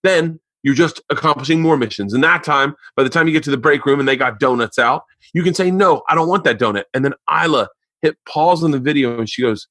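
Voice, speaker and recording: A man's voice: a little high, brisk, few pauses, no echo. A man in his forties hosting a podcast, telling a story in casual chat, acting out quotes with lots of swearing. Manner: animated storyteller, swears a lot, acts out quotes. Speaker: podcast host. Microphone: remote podcast mic.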